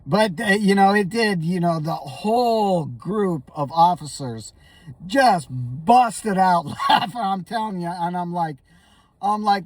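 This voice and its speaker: A man with a fairly high voice tells a comic story, rattled and rambling, stammering and clearing his throat. The sound is dry, with his voice drifting away from the mic at times. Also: takes it slowly, no echo, far from the mic. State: shaky and rattled. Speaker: comedic vlogger.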